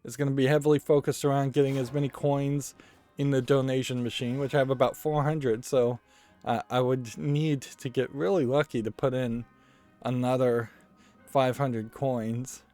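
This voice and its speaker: A man's voice: medium pitch, little pitch movement, normal speed, dark tone, faint music behind. A man giving casual commentary while playing a card game, rambling and thinking aloud and often correcting himself. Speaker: let's play host.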